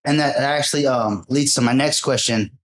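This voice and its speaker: A man hosting a podcast, talking in a relaxed, affirming way as he asks his guest questions. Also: mid-range voice, normal speed. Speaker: podcast host. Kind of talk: casual interview talk.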